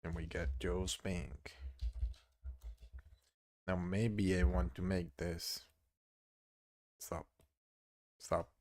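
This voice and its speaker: A man live-streaming while he works on a 3D model, exasperated, swearing and talking back to the software. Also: low-pitched, flat delivery, drawn-out words, long pauses, no echo.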